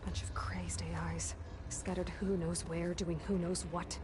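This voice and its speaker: A woman's voice: lowish voice, flat delivery, measured pace, background noise, lightly acted. A young woman voicing a determined, sarcastic female hunter in a video game, talking in a wry, resolute way. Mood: grim. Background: game score music.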